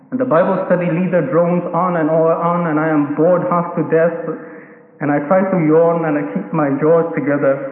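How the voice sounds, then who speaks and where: A man preaching a sermon in an earnest, probing way, now and then acting out selfish inner voices. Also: on the high side. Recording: echoey hall, tinny phone-like sound.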